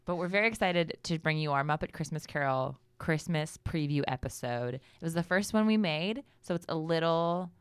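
Smooth-voiced, jokey woman podcast co-host. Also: moderate pace, few pauses, no echo. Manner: playful, jokey, bursts up in pitch. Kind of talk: casual comedy chat.

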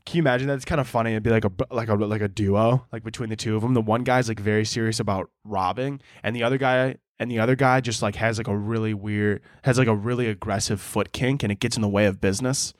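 A man's voice: on the low side, fairly even intonation, fast talker, hardly any pauses, no room sound. A man hosting a solo podcast, talking casually in a rambling, profane, joking way into a close mic. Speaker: podcast host.

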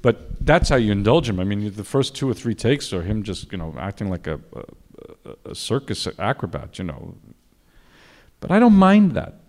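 A man's voice: lowish voice, very animated, moderate pace, a little mellow. Male film director, interview, anecdotal, self-deprecating, restarts sentences often. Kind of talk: interview conversation.

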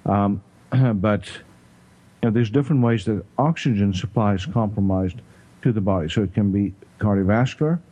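A man with a South African accent explaining health topics in casual chat, pausing often with "you know" and clearing his throat. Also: on the low side, warm tone, lo-fi sound. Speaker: health talk host.

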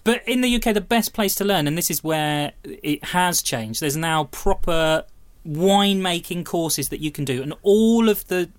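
A man's voice: sits high, lively intonation, moderate pace, no echo. A man telling a chatty, enthusiastic story about a trip in a casual studio chat. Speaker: podcast contributor.

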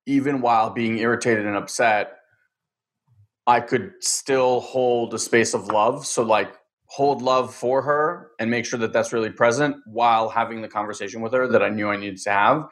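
A man's voice: medium pitch, steady tone, moderate pace, a bit bright. A man in casual chat, telling a personal story candidly, rambling with many fillers.

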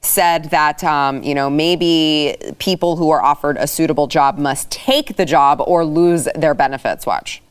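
A woman's voice: low voice, fairly even intonation, measured pace, hardly any pauses, smooth. A woman hosting a political talk show, speaking in a wry, sarcastic way and putting on mocking voices. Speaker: podcast host.

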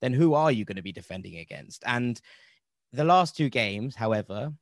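Man, podcast host, casual rambling chat, mid-pitched, dry close-miked sound. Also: animated, moderate pace, no echo. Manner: rambling, self-correcting, wry.

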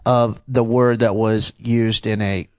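A man's voice: lowish voice, flat delivery, slow pace, a little mellow, clear, resonant tone, no echo, studio quality. A man co-hosting a casual radio show, sarcastic and playful. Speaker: co-host.

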